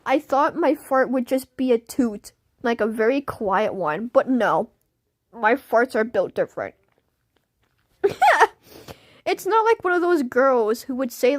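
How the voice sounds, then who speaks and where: A woman's voice: on the high side, big pitch swings, measured pace, dry recording, clean studio sound. A young woman chatting on a livestream, laughing constantly in a giggly, silly way. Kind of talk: casual livestream chat.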